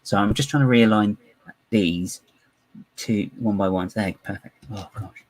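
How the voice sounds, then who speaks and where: A man's voice: lowish voice, a little slow, no echo, poor audio. A man chatting live while building, rambling, giggly and self-mocking. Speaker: live-streaming LEGO builder.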